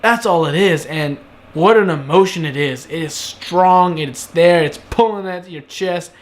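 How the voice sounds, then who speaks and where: A man reviews an anime episode in a casual video, excitable and swearing freely. His voice sits high, and he gushes between stumbling fillers. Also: measured pace. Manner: excitable, gushing, profane.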